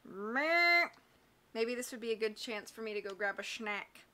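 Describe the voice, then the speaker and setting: Chatty young woman streamer, bright voice. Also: mid-range voice, steady tone, brisk. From American South. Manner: chatty, self-mocking. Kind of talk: casual let's-play chat.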